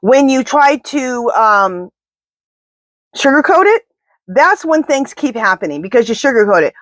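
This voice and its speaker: A woman's voice: fairly high pitch, very animated, measured pace, no room sound. A woman doing a casual tarot reading to camera, talking to her spirit guides and speaking bluntly and indignantly. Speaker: tarot reader.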